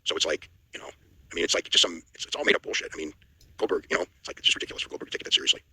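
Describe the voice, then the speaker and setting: A man co-hosting a wrestling news show, giving blunt opinions in a casual chat, with a husky voice. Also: deep voice, bright, forceful tone, no echo, low-quality recording. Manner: fast opinionated talk with restarts.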